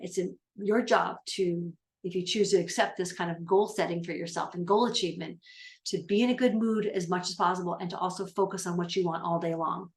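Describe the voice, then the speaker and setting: A middle-aged woman life coach giving a casual, upbeat motivational talk, rambling a little with fillers and restarts. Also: mid-range voice.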